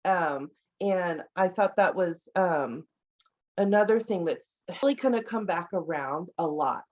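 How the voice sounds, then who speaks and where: A woman's voice: fairly low pitch, lively intonation, measured pace. Rambling woman podcast host, lo-fi. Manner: rambling, many fillers and restarts. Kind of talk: casual conversational interview. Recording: slightly dull lo-fi audio.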